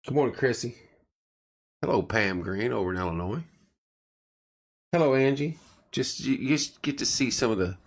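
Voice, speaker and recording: A middle-aged man with a very low, deep voice chats casually on a live stream. His voice is going, and he rambles, restarts sentences and stops to greet viewers by name. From central Indiana. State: losing his voice.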